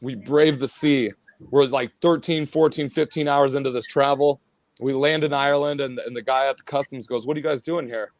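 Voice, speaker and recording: A male musician guest telling road stories in a casual interview, animated and acting out what others said. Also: medium pitch, moderate pace, no echo. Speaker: guest musician, band vocalist and bassist.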